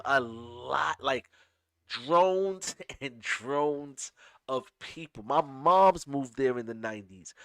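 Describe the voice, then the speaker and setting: A man's voice: a little high, fairly bright tone, dry recording. A man from upstate New York hosting a casual commentary, talking emphatically with many restarts, close to a dry mic. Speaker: host.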